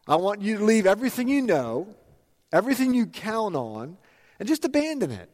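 A man voicing God as a calm, commanding deity during a sermon, with solemn declarations. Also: high-pitched, normal speed. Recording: long hall reverb.

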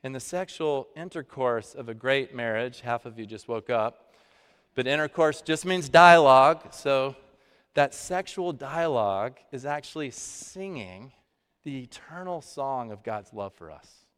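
A pastor giving a conversational sermon, with dramatic pauses. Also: male voice, mid-range voice, a bit bright, clear, resonant tone. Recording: long hall reverb.

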